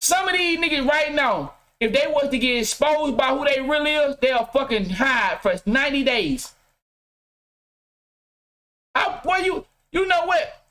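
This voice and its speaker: High-voiced man ranting profanely. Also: moderate pace. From Mississippi, US. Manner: profane, preachy, bursts into shouting. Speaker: podcast host. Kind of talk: casual livestream rant. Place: home game room.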